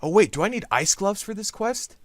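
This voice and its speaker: A man's voice: sits high, lively intonation, fairly quick, a bit bright, dry recording. A man hosting his own game channel, rambling through silly jokey commentary while he plays. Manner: goofy, jokey, sudden bursts of silly voices. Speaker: gaming YouTuber host. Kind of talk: rambling comedic gameplay commentary.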